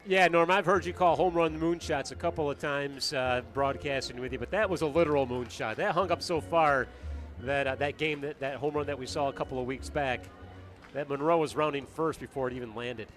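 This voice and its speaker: A man's voice: fairly high pitch, brisk, fairly bright tone, soft background music. A man giving color commentary at a baseball game, conversational and explaining the plays.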